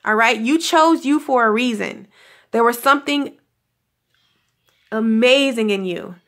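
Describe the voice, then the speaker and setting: A woman's voice: a little high, measured pace, fairly bright tone. A woman giving a casual spiritual pep talk to her viewers, gushing and affectionate, calling them honey and laughing often. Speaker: spiritual guidance vlogger.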